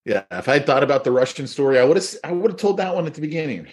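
His voice is on the high side and he races along: a middle-aged podcast co-host laughing his way through casual, animated stories.

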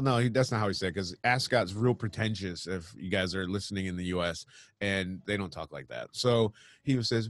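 A man co-hosting a podcast, ranting in casual chat and telling stories with quick impressions of other people. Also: lowish voice, no room sound, studio quality. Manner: animated storyteller, mimics people mid-story. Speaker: podcast co-host.

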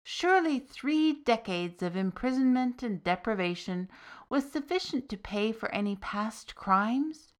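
A woman narrating a fairy tale in a measured, expressive storytelling manner. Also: fairly high pitch.

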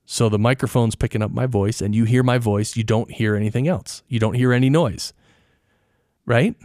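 A man's voice: mid-range voice, normal speed, darkish tone, dry recording. Middle-aged male podcaster, chatty explainer, close-miked, very dry room. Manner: chatty, explanatory, asks the listener questions. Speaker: podcast host and audio engineer. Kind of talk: casual solo podcast talk. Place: treated home studio with foam and rug. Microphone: close studio microphone.

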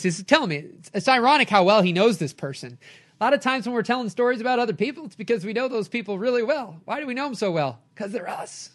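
A middle-aged man, a coach and podcast host, giving an energetic motivational talk with lively storytelling. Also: high-pitched, fast talker. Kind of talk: motivational talk, live stream.

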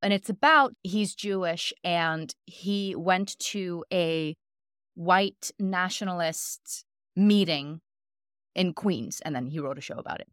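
A woman's voice: fairly low pitch, takes it slowly, smooth, no room sound. Chatty woman podcast host, dry sound. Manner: animated, acts out quotes in her stories. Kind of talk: casual conversational storytelling.

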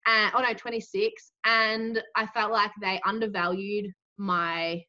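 Chatty Australian woman in her twenties, bright and forward tone, casual storytelling on a dull, lo-fi recording. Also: mid-range voice, flat delivery, a little slow. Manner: chatty, heavy use of "like".

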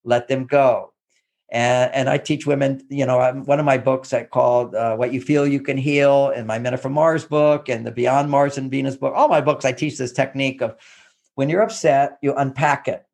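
A man's voice: mid-range voice, fairly even intonation, normal speed, gravelly, darkish tone. A man from Texas, a therapist and relationship author, talking casually and animatedly, often acting out quoted phrases. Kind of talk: casual advice talk.

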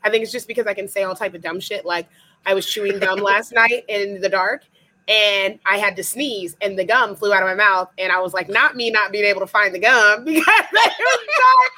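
A young woman chatting casually as a podcast guest, telling stories in an animated way and laughing often. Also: medium pitch, brisk. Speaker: guest comedian and cosplayer.

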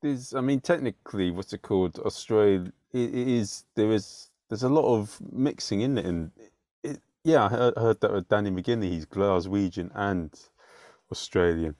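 A man's voice: lowish voice, normal speed, darkish tone, no room sound, clean studio sound. A man hosting a podcast, joking and laughing often in casual chat. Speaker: podcast host.

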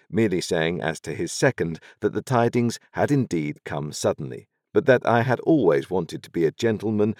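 Low-voiced, expressive male audiobook narrator. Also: dry recording, clean studio sound. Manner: expressive, measured storytelling. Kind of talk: scripted narration of a classic novel.

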